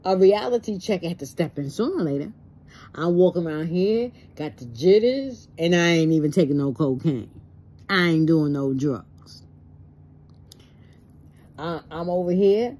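A stressed woman speaks plainly and emotionally to camera in a personal vlog, acting out both sides of conversations. Her voice is on the low side, expressive and mellow, at a measured pace.

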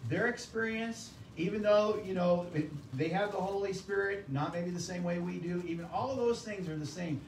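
A man's voice: sits high, darkish tone, a little hiss or hum. A man pastor delivering a conversational sermon, often putting questions to his congregation. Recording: echoey room from a distance.

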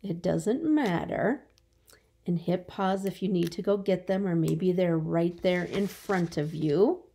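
A woman's voice: fairly low pitch, slow pace, mellow, slight background noise. A woman teacher giving a remote phonics lesson to young children, stretching out her words in a patient, encouraging way.

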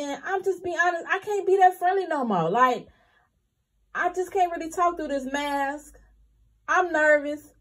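A young woman talks straight to her viewers in a candid, chatty way. Her voice sits high and she keeps calling them y'all. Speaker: couponing vlogger. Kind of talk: casual chat to viewers.

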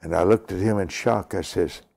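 An older man preaching and praying, slow and emphatic, repeating lines and dropping to a whisper. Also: low-pitched, creaky, a little mellow. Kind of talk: sermon with prayer.

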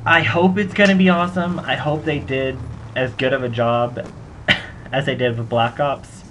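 A young man talks over his gameplay footage in a loose, rambling way. He jokes and pokes fun at himself as he goes. His voice sits at an ordinary middle pitch, with a faint hiss of noise underneath. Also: fairly even intonation, normal speed, a bit bright. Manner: rambling, self-mocking, joking. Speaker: gaming channel host. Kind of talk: casual gameplay commentary.

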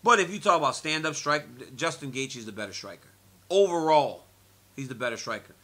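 A man's voice: on the high side, fairly quick. A man in his forties in a media interview, telling stories with lots of laughter and repeated phrases. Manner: animated storyteller, laughs often, repeats phrases. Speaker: interviewee, former fighter and commentator.

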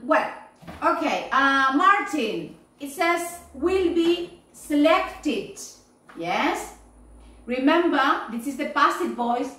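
Slow, high-voiced teacher in an echoey room. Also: female voice, bright, forceful tone, recorded from a distance. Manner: slow, repeating "yes?" and "okay?" to check understanding. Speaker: English teacher. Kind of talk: online class feedback.

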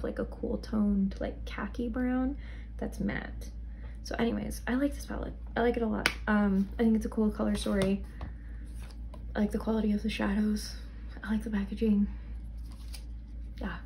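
A woman's voice: medium pitch, creaky, warm tone, a little hiss or hum. A young woman casually reviewing products, chatty and rambling, sounding tired. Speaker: beauty vlogger.

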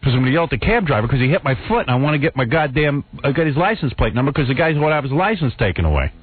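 Very animated and very fast, with a breathy edge, this male radio host recounts an exasperated story during casual talk-show banter. Quotes come out in a higher voice, heard through a narrow, phone-like radio sound.

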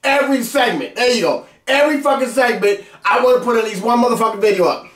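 Male vlog host, brash and boastful, swears constantly, high voice, echoey room, distant mic. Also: quick pace, fairly bright tone. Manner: brash, boastful, heavy cursing, mock-angry outbursts. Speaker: web series host. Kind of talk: profane comic rant to camera.

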